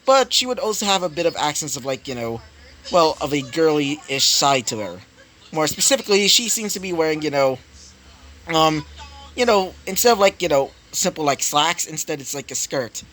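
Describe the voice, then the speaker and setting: A man's voice: on the high side, big pitch swings, moderate pace, fairly bright tone. A man improvising a fan fiction story aloud, rambling with many fillers and self-corrections. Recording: noisy home recording.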